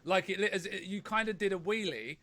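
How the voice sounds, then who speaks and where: High bright-voiced man, casual chat. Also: brisk. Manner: prompting, retelling a shared memory to a bandmate. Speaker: band member.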